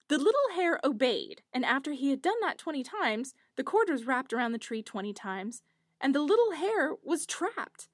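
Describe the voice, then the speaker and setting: A woman narrating a fairy tale in an expressive storybook style. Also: high-pitched, normal speed, no room sound, clean studio sound.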